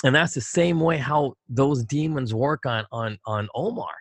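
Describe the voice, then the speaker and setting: A man's voice: medium pitch, a little slow, dry recording. Emphatic middle-aged male talk host. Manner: emphatic, rhetorical, repeats himself. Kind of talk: casual political talk.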